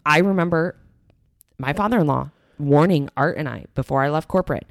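A woman in her thirties co-hosts a casual podcast, speaking as a fitness coach with a candid, emphatic drive. Her voice sits low, and the sound is dry and close with no room around it. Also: fairly quick, dry recording.

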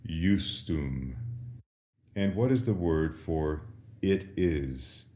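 A very deep-voiced priest teaches Latin prayers at a deliberately slow pace. He asks each question and leaves a patient pause before he answers it. His voice carries a roomy echo. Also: expressive, warm tone. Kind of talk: slow catechism lesson with call and response.

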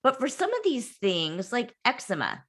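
A woman's voice: a little high, big pitch swings, normal speed, fairly bright tone. A woman interviewer asking curious, conversational questions.

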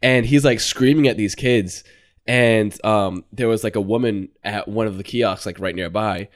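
A young man telling a work story in a relaxed casual chat, full of fillers. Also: on the low side, normal speed.

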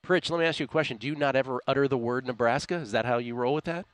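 A man's voice: mid-range voice, very fast, dry recording. A man hosting a sports betting radio show, chatting casually and laughing often. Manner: chatty, laughs often, reads listener tweets aloud.

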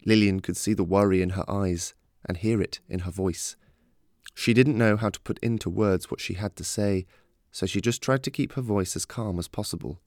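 A man narrating a fantasy story in a steady, measured reading. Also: on the low side, no room sound, clean studio sound.

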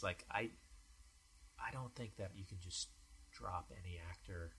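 A man hosting a podcast from his apartment, chatting casually in a dry, halting, self-deprecating way. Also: fairly low pitch, fairly bright tone, husky. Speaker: podcast host and comedian. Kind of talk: casual chat.

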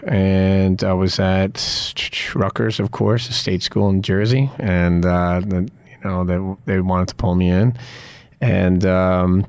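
A man's voice: low voice, fairly even intonation, a little mellow, smooth, no echo. A middle-aged man, a former college soccer player, talking earnestly in an interview and leaning on "you know" as he reflects. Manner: earnest, drawn-out, filler-heavy with frequent "you know".

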